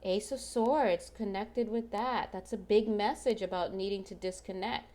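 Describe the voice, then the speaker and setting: A woman's voice: medium pitch, fairly even intonation, measured pace, mellow. A woman giving a casual tarot reading to her viewers, chatty and emotional, often checking in with "right?". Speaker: tarot reader.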